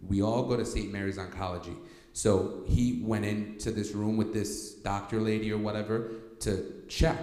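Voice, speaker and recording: A man giving a workshop talk to an audience, telling a personal story with lively energy and often asking "okay?" to keep the room with him. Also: on the low side, normal speed. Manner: animated, repeats "okay?" to check in with listeners. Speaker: workshop speaker. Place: church hall. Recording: echoey hall with long reverb.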